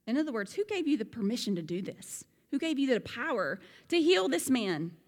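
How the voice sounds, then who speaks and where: A woman giving a Bible lesson, animated and fond of rhetorical questions. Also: fairly high pitch, a little fast, long reverb tail. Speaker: Bible teacher. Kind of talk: sermon-style Bible lesson.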